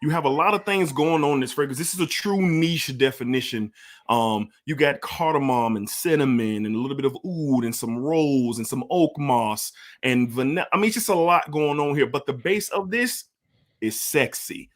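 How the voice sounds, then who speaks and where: A man's voice: medium pitch, normal speed. A man giving a casual fragrance review, enthusiastic and emphatic, repeating his points for effect.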